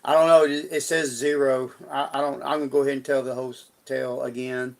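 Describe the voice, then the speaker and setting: Gravelly-voiced man telling a rambling story. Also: medium pitch, level tone, quick pace. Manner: folksy, rambling, with frequent restarts. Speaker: live streamer. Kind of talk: personal storytelling on a live stream.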